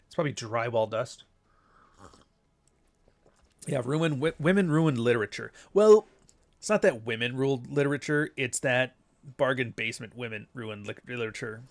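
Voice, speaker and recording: A man's voice: normal speed, pauses often. A middle-aged man with a Canadian accent and a nasal voice, talking bluntly and crudely in a casual podcast monologue. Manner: blunt, crude and sardonic, with sudden high-pitched outbursts. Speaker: podcast host.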